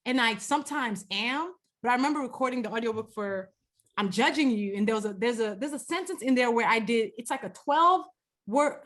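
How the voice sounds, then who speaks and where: A woman author in conversation, speaking with animated emphasis and easy swearing. Her voice sits slightly high. She talks in a relaxed, chatty way. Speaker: author and interviewer. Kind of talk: casual conversation on a video call.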